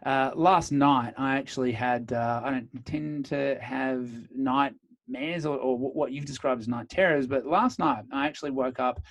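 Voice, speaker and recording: Male host, mid-pitch, chatty and informal, dry close mic. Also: moderate pace, no echo. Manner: conversational, chatty storytelling, frequent ums. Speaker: podcast host. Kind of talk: casual podcast interview.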